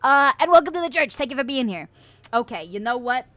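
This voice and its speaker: A young woman streamer playing a mock preacher, reading her chat's verdicts aloud with swearing, laughter and loud exclamations. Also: high voice, very animated, a little fast, dry recording. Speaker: streamer hosting a mock confession segment. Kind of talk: playful mock-sermon, reading chat aloud.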